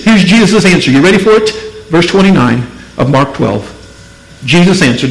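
High-voiced emphatic preaching man, echoey. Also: expressive, creaky. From Missouri, USA. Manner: emphatic, rising to near-shouted peaks, then dropping low and slow. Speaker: pastor. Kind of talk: sermon.

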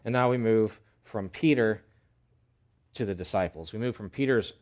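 A male pastor preaching a sermon in an animated, conversational way, with emphatic repetition. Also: lowish voice, normal speed.

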